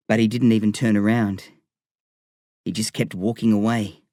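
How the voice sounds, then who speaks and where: A man reading a novel aloud in steady first-person storytelling. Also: on the low side, moderate pace, long pauses, no echo, studio quality. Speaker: audiobook narrator.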